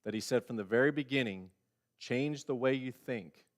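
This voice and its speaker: A middle-aged man preaches a sermon in a church in a chatty, storytelling way, his voice sitting at an ordinary pitch. He slips into quoted lines and swings from loud bursts to quiet drops. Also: normal speed. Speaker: pastor. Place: church sanctuary.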